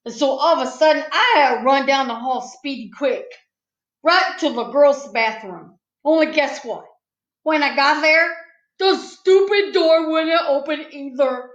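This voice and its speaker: A woman with a high voice reads a children's book aloud, telling it playfully from a child's point of view. The recording is a little dull, in a room with a noticeable echo. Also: measured pace. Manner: playful, first-person child's storytelling. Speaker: storytime reader. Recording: echoey room, slightly dull sound.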